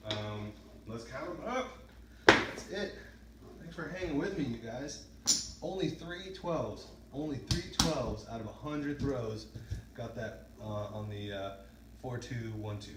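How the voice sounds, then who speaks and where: A man chats loosely as he throws dice, drifting between stories and reading off each roll. His voice sits at an ordinary middle pitch. It bounces around an echoey room, with clear noise and dice clicks behind him. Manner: rambling, counting results aloud. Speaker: craps vlogger. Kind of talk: casual talk while throwing dice. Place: indoors at a home dice-practice setup.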